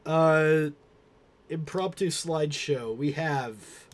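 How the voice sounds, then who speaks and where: Young male streamer hosting a joke slideshow, unhurried mock-grand narrator delivery. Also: fairly high pitch. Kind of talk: mock-formal meme slideshow commentary.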